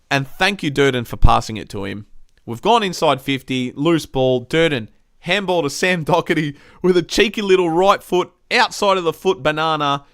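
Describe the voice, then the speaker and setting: Australian guy, host, fired-up sweary match rant, lively up-and-down pitch, fairly high voice. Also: moderate pace. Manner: heated, sweary, exasperated ranting. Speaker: podcast host reviewing a football match. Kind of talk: casual ranting match review.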